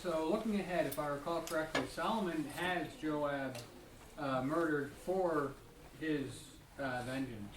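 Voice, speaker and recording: A man in a church study group puts a hesitant question to the teacher, pausing to gather his thoughts. He is heard from across a roomy space, with a faint hum underneath and his voice a little high for a man. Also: far from the mic. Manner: hesitant, thinking aloud with fillers. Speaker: Bible study attendee asking a question.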